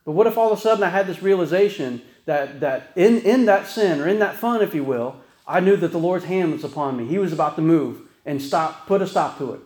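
A male pastor preaches in a loose, storytelling way, often checking in with his listeners. His voice sits a little high for a man. The room rings around him like a church sanctuary. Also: expressive, a little fast, few pauses, darkish tone, roomy sound, low-quality recording. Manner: folksy storytelling, frequent "right?" asides. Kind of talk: conversational sermon.

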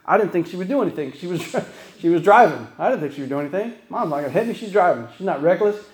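A male pastor preaches in a loose, storytelling way, often checking in with his listeners. His voice sits a little high for a man. The room rings around him like a church sanctuary. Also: expressive, fast talker, roomy sound, low-quality recording. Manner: folksy storytelling, frequent "right?" asides. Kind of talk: conversational sermon.

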